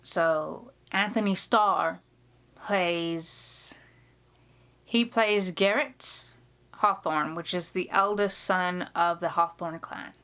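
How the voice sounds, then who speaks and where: A woman's voice: on the low side, takes it slowly, a bit bright. A woman vlogger chatting casually indoors, telling a story with laughs and many restarts. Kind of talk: casual chat. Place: indoor room.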